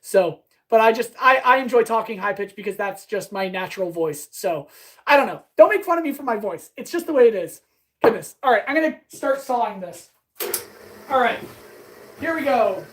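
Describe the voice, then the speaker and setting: A woman blacksmith chatting fast and eagerly with her live-stream audience while she works in her workshop. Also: fairly high pitch, lively intonation, low-quality recording. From Canada. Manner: chatty, talks fast, answers chat eagerly. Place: workshop with power tools.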